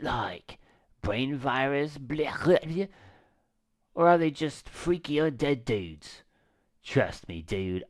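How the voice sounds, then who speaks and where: A man's voice: medium pitch, no echo, studio quality. A man voicing a laid-back young male surfer stoner, drawling in slang while reading game dialogue aloud.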